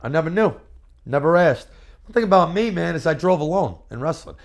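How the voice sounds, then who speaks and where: Talking briskly in a slightly high male voice, a former pro wrestler gives a candid shoot interview. He is brash and profane, bragging through animated stories with repeated-word bursts.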